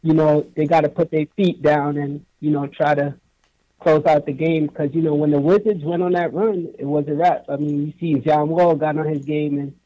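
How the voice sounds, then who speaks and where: A man from New York calling in to a podcast, speaking softly and evenly in casual chat over a muffled phone line. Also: fairly high pitch. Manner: soft-spoken, even and unhurried. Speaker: caller.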